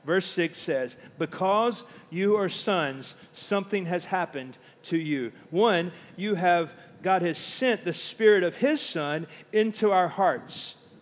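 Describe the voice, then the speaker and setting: A middle-aged man preaching a sermon, telling stories and slowing down to stress key words. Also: high-pitched. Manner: storytelling preacher, slows down for emphasis. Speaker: pastor. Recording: long hall reverb.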